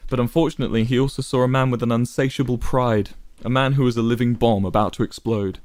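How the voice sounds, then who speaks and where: A man reading a dramatic story aloud with expressive, varied storytelling. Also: mid-range voice, quick pace, dry recording. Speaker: narrator. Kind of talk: dramatic fan fiction reading.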